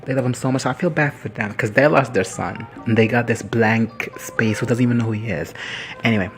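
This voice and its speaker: A man's voice: mid-range voice, brisk, soft background music. A man casually recapping and reacting to a TV episode, rambling and sassy, swearing freely and laughing often. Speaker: reaction video host.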